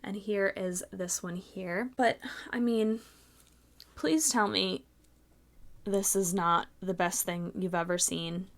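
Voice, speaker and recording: A young woman hosting a crafting podcast, gushing and gasping excitedly as she unboxes handmade gifts. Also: medium pitch. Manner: gushing, gasping, swears mildly, fast bursts of excitement. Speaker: podcast host.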